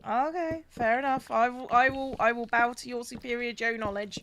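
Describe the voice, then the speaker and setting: A woman's voice: on the high side, fairly even intonation, normal speed, fairly bright tone, slight background noise. A woman chatting casually with a friend while they play a building game, teasing and sarcastic. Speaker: co-player and regular. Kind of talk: casual chat while gaming.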